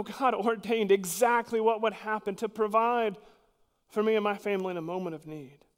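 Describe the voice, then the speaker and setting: A man preaching a sermon as pastor, earnest and emphatic, dropping suddenly to quiet at times. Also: high-pitched, in a large hall.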